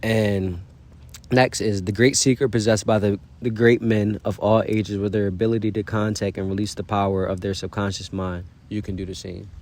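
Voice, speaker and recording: Earnest slangy man, low voice. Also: level tone, normal speed, darkish tone. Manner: loose slangy delivery, says "bro" and "you feel me" often; earnest, encouraging. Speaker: vlogger. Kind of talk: casual motivational self-talk.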